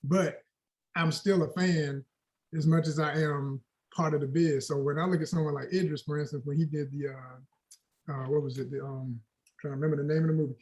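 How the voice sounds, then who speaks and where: A man in his forties, a guest actor chatting in an interview, telling animated stories with a lot of casual slang. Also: fairly high pitch, a little fast. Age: 40s. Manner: animated storyteller, slangy and expressive.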